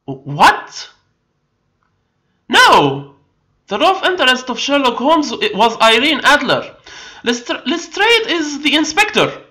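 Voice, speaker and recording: A woman streamer reading a game aloud and commenting in a chatty, excitable way that trips over words. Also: high voice, takes it slowly, long pauses. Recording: loud game music behind.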